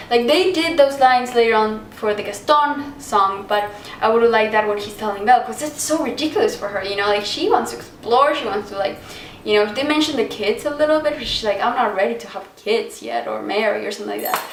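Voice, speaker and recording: A woman casually reviewing a film, chatty and animated, acting out quotes in high voices. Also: brisk. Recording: echoey room, distant mic, faint noise.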